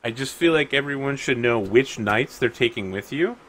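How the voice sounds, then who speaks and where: A man casually narrating as game master for a tabletop game, quick and joking. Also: medium pitch, expressive, fairly bright tone.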